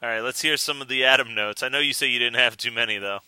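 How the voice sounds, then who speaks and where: A man's voice: medium pitch, quick pace, bright, forceful tone, clean tone, no echo. A man hosting a podcast in casual chat, enthusiastic and laughing often. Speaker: podcast host.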